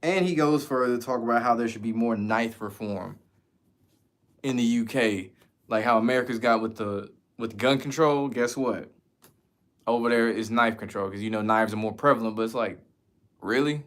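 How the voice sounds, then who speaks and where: A man's voice: mid-range voice, moderate pace. A man from the United States chatting casually as a streamer, answering viewer questions in a loose, slangy, profane way. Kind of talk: casual chat.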